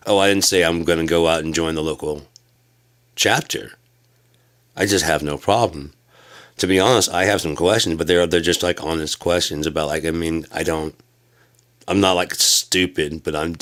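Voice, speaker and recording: A man talking in a rambling, casual rant, halting with many restarts and sudden profane outbursts. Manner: profane, loud bursts of high-pitched exclamation. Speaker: vlogger.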